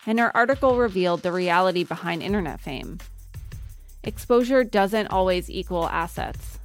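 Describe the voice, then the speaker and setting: Polished woman documentary narrator. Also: lowish voice. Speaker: narrator and interviewer.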